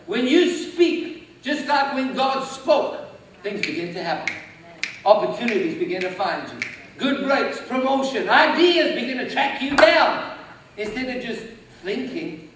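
A man preaching a sermon as pastor, emphatic and building to loud declarations. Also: high voice, unhurried. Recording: echoey hall, mic at a distance. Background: congregation responding.

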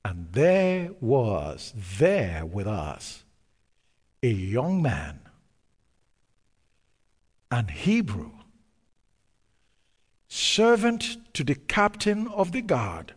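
A pastor preaching a sermon, reading scripture aloud and retelling it with dramatic pauses and sudden bursts of emphasis. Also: male voice, medium pitch, wildly swooping pitch, breathy edge, in a large hall.

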